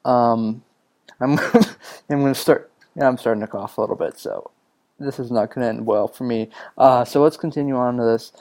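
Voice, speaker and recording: A man's voice: mid-range voice, darkish tone. A man from New Mexico hosting a music podcast solo, rambling casually with lots of ums and self-amused asides.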